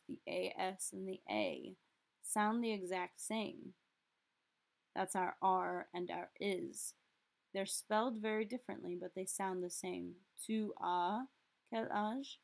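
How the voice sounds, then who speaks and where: A woman teaching a recorded French lesson, explaining step by step and slowly repeating example phrases. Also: mid-range voice, gravelly.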